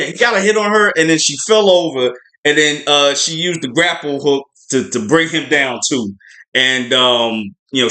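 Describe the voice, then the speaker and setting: A man's voice: on the high side, bright, forceful tone. A man hosting a podcast livestream, reviewing a show in a chatty, rambling way with lots of fillers. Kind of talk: casual spoiler review livestream.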